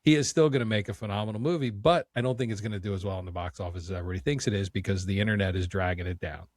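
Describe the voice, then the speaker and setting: A man's voice: fairly low pitch, rapid-fire, no room sound, clean studio sound. A man co-hosting a movie podcast, talking casually in an opinionated, joking, ranting way. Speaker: podcast co-host.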